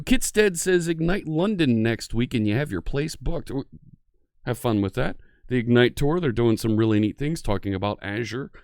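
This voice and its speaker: A man's voice: medium pitch, a little mellow, no echo, studio quality. Chatty man hosting a live stream. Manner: chatty, greets viewers one by one. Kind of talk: casual live-stream chat.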